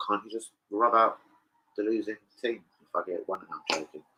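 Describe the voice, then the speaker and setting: A man rambling casually to camera as a football betting vlogger, sweary and excitable. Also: on the low side, moderate pace, slightly rough, highs cut off.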